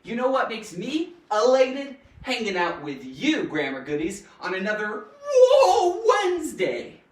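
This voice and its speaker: A woman's voice: mid-range voice, animated, normal speed, recorded from a distance. A woman hosting a playful live grammar lesson, giggly and jokey, talking straight to her viewers. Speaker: grammar teacher and show host. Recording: echoey room, voice off-mic.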